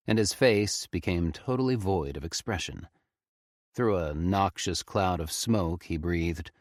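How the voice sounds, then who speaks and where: A man reading a horror story aloud with expressive, tense storytelling. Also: deep voice, dry recording, clean studio sound. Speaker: audiobook narrator. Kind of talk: scripted horror narration.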